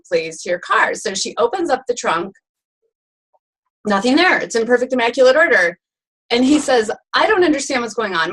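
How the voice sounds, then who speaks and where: A woman co-hosting a casual sales show, chatty and animated, laughing often as she tells a joke. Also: fairly high pitch, breathy edge, poor audio. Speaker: co-host. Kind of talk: casual chat.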